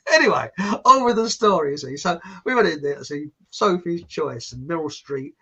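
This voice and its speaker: Husky guy rambling thru a funny story, voice goes up and down loads. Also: fairly high pitch, animated, moderate pace, bright, forceful tone, lo-fi sound. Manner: rambling, jokey, breaks into asides. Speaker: podcast host. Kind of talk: casual storytelling chat.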